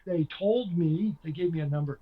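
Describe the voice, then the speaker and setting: A man's voice: fairly high pitch, moderate pace. Chatty older man, lo-fi. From Canada. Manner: chatty, self-deprecating storyteller. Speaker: author guest. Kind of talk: conversational interview.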